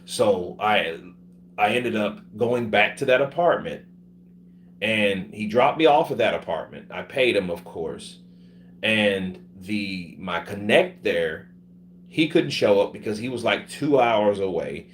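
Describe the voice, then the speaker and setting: A man with a fairly low voice tells his story casually and swears freely. He is sick, and he acts out the people he talks about. A faint hum runs behind him. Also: takes it slowly. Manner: profane, animated, acts out other people's voices. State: sick with covid. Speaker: vlogger telling his travel story.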